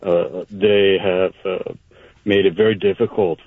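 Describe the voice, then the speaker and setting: A man phones in to a radio show and speaks haltingly, full of uhs and ums. His voice sits lowish. The line is dry and tinny, like a phone. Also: level tone, husky, no room sound. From San Francisco Bay Area. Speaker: caller. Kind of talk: call-in radio comment.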